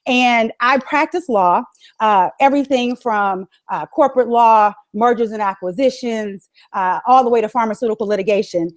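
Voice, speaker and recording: A woman's voice: fairly high pitch, normal speed. A woman from Virginia giving a rousing motivational talk as the guest speaker on a webinar, full of rhetorical questions. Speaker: guest speaker and business coach. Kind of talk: motivational speech.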